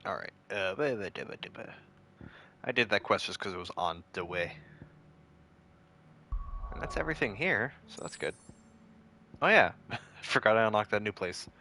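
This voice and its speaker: A man's voice: lowish voice, expressive, normal speed, long pauses, sharp tone, slight background noise. A man streaming a game live, making casual, wry asides to the characters.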